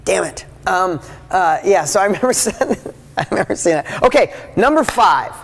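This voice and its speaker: A man's voice: high voice, expressive, moderate pace, gravelly, slightly rough. A man in his fifties giving a live motivational talk to an audience, speaking in an enthusiastic, emphatic and conversational way. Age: 50s. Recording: long hall reverb.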